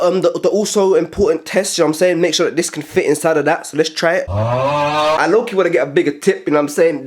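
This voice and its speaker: A man's voice: a little high, a little mellow, slightly rough. A young man chatting in a casual car vlog, hyped and full of slang banter. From England. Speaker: car vlogger.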